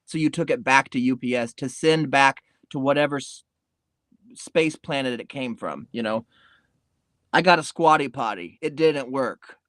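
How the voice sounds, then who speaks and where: A man's voice: mid-range voice, normal speed, fairly bright tone, no echo. A man rambles through a comedy podcast monologue in a laid-back way and drops casual swears. His voice sits in a middle range, and the recording is dry, with no room sound. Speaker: podcast host.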